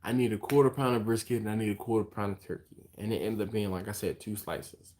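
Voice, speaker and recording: A fairly low-voiced man hosting a casual live stream, tired and yawning between thoughts. He rambles on in a loose, chatty way and stops to answer viewer comments. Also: fairly even intonation, quick pace, darkish tone. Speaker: barbecue channel host.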